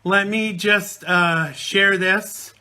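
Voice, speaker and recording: A man's voice: sits high, fairly even intonation, very slow, pushed and bright, clean tone. A man hosting a live call-in show, chatting casually and greeting listeners one by one with jokes. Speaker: radio show host.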